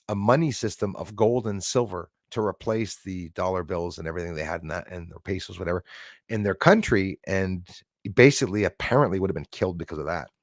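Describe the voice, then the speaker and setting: A man's voice: lowish voice, dry recording. Brief: male livestream host, rambling and chatty, dry close mic. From Canada. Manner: rambling, chatty, thanks viewers by name. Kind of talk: casual livestream chat.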